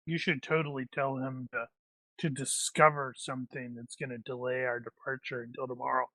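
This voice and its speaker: A man playing in a tabletop game, trading quick jokes with the others. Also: mid-range voice, level tone, sharp tone, no room sound, low-quality recording. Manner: joking, quick banter. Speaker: player. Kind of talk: casual tabletop play.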